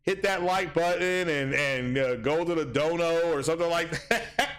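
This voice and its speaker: A man's voice: a little high, normal speed, a bit bright. A man hosting a casual gaming livestream, rambling with many ums and restarts as he reads chat aloud.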